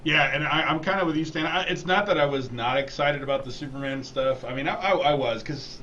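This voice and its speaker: A young man with a bright, forceful voice hosts a casual podcast in an upbeat way. The sound is dull and lo-fi, with a faint hiss behind it. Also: fairly high pitch, fairly even intonation, a little fast. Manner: upbeat, laughs easily. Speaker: podcast host. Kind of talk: casual chat.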